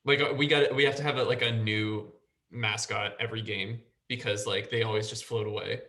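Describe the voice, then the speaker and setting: A man's voice: lowish voice, fairly even intonation, a little fast, bright, forceful tone. A man hosting a casual school podcast, prompting the group with questions and laughing easily. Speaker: podcast host guiding discussion.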